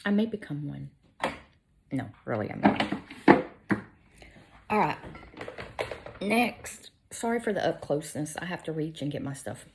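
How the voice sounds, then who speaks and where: A woman's voice: sits low, sing-song, measured pace, long pauses, very noisy. A middle-aged woman, chatting casually and self-deprecatingly through her makeup routine, sometimes dropping to a whisper. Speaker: beauty vlogger. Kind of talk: casual makeup tutorial chat.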